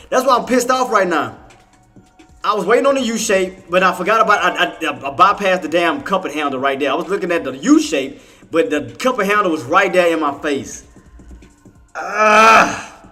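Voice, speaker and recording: Bright-voiced exasperated man talking to chat. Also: sits high. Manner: exasperated, swears, talks straight to chat. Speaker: day trader streaming to viewers. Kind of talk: live trading commentary.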